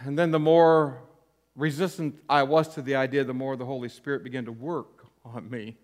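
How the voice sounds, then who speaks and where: A man's voice: steady tone, normal speed. A man, an interim pastor, giving a personal testimony sermon with candid storytelling, earnest and self-deprecating. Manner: earnest, softening low at emotional points.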